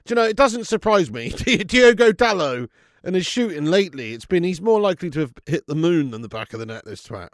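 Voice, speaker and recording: A man's voice: high voice, sing-song, fairly quick, no room sound, clean studio sound. A man hosting a live football watch-along, chatting and bantering with viewers, laughing often and calling out names from the chat. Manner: chatty, banter-heavy, laughs a lot, greets chat by name.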